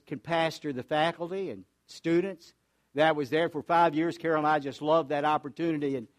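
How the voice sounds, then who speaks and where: An older male pastor delivers a sermon, telling stories in an earnest, searching way. His voice sits a little high for a man, and he often backs up and restarts his phrases. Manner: earnest storytelling preacher with frequent restarts.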